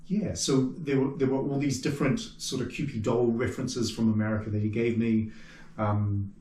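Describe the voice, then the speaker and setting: A man with a New Zealand accent, a puppet maker chatting as the guest in an interview, telling stories lively and acting out what people said. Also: mid-range voice, moderate pace, slight background noise. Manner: animated storyteller who acts out quoted remarks. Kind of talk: casual interview chat. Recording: roomy sound from a distant mic.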